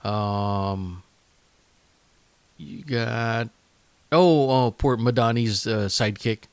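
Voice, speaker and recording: A man hosting a casual solo podcast, talking in a chatty, halting way with many fillers and restarts. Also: mid-range voice, clean tone, dry recording. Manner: chatty and enthusiastic. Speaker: podcast host.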